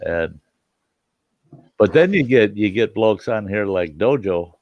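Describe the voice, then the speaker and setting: Low-voiced man hosting a casual chat. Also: expressive, slow, no room sound, lo-fi sound. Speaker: host of a live chat stream.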